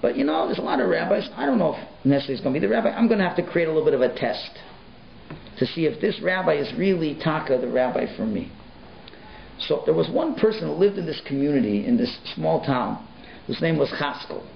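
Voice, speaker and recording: A rabbi telling a story in a sermon, animated and folksy, sprinkling in Yiddish words, in an echoey, muffled recording. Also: male voice, a little high, fast talker, vocal fry, a little hiss or hum.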